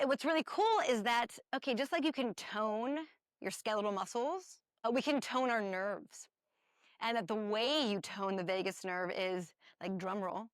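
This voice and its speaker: A woman's voice: on the high side, a bit bright, dry recording, clean studio sound. A woman co-hosting a spiritual wellness podcast, explaining ideas with enthusiasm and playful asides. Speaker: podcast co-host.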